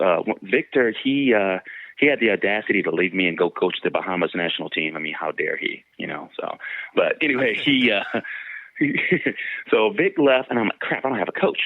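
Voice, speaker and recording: A man's voice: no room sound, narrow, tinny audio. A former sprinter telling stories casually in an interview, acting out the people he quotes. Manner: animated, acts out quoted voices with big pitch jumps.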